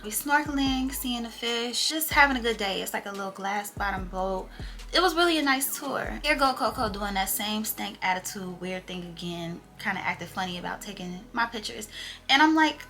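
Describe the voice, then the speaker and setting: A woman's voice: medium pitch, moderate pace, faint music behind. A young woman vlogger telling a story in casual, slangy chat and acting out what people said. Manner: animated, slangy storytelling that acts out quotes.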